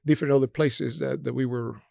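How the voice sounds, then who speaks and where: Gravelly Puerto Rican man, storytelling guest. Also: medium pitch, brisk, no room sound, studio quality. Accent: Puerto Rican Spanish. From Puerto Rico. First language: Spanish. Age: middle-aged. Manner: animated storyteller, hesitant fillers. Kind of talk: casual interview conversation.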